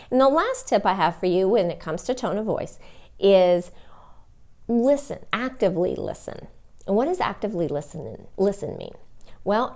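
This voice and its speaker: A woman coaching front desk staff in an instructional talk. Her voice sits at a middle pitch but swings widely up and down, giving it a lively, expressive sound. She acts out example phone greetings as she teaches. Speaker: dental front office trainer.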